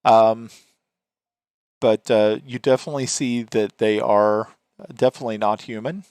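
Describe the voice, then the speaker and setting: A man's voice: fairly low pitch, steady tone, unhurried, darkish tone, clear, resonant tone, no echo, studio quality. A man narrating as game master of a tabletop game, hesitant and full of fillers.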